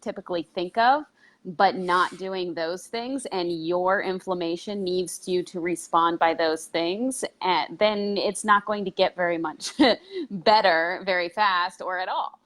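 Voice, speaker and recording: Co-hosting a live health stream, a woman chats in a casual, conversational way, hesitating with fillers and restarts. She has a voice on the low side, a bit bright, and a measured pace.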